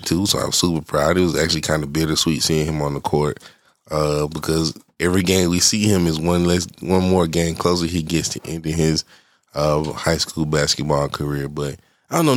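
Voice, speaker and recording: Middle-aged male podcast host with a cold, very deep and stuffy voice. He rambles casually and cuts himself off. Dry and close, with no room sound. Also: no room sound. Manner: rambling and loose, self-interrupting. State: congested. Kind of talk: casual solo podcast chat.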